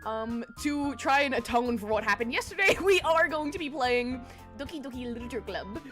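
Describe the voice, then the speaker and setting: A woman's voice: high-pitched, lively intonation, fairly quick, a bit bright, soft background music. A woman streamer in casual, giggly chat, greeting her viewers by name.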